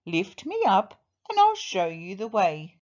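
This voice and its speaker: A woman voicing a tiny, kind mouse with a little, soft, reassuring voice. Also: medium pitch, huge pitch swings, slow pace, lo-fi sound.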